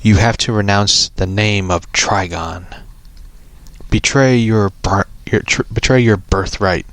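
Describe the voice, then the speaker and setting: Man reading as overbearing demon father, low voice, dry sound. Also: measured pace, fairly bright tone, no room sound. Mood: commanding.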